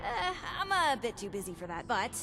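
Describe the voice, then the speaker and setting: A perky sarcastic ghoul. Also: female voice, fairly high pitch, big pitch swings, brisk, over music. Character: brisk, chirpy female ghoul scientist, busy and sarcastic.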